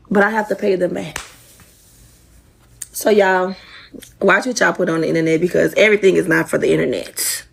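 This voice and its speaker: A woman's voice: medium pitch, vocal fry. A woman ranting to her viewers on a phone, profane and exasperated. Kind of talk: casual social media rant.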